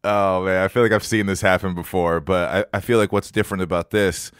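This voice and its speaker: A man's voice: sits low, steady tone, brisk, smooth, dry recording, clean studio sound. A man co-hosting a podcast in casual chat, laughing often and rambling. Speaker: podcast co-host.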